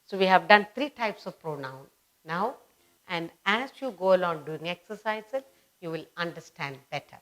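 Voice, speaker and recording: A woman's voice: on the low side, expressive, normal speed, fairly bright tone. A woman teaching grammar to children, stressing and repeating each example sentence.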